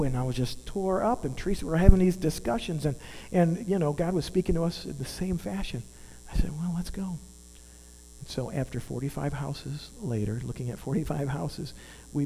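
A man's voice: mid-range voice, mellow. A man, preaching a sermon in an earnest, conversational way and asking the congregation questions. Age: 50s. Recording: long hall reverb with mains hum.

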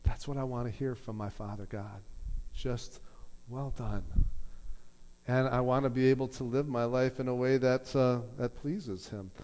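A man's voice: medium pitch, normal speed. A middle-aged man preaching a sermon to a congregation, telling a story and acting out the people in it. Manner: storytelling with lively quoted voices. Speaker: pastor. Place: church hall. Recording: long hall reverb.

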